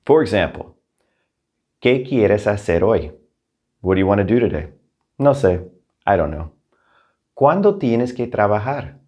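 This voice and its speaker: Lower-voiced man teaching Spanish. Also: expressive, darkish tone. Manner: upbeat and encouraging, slow careful Spanish examples. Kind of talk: recorded language lesson.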